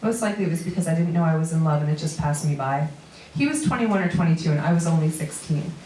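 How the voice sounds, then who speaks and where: A woman with a New York accent reading a personal prose piece aloud to a live audience, steady, with dry asides. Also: low voice, quick pace, recorded from a distance, a little hiss or hum. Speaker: comedian reading a memoir piece. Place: small theater stage before an audience. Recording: roomy live venue recording from afar.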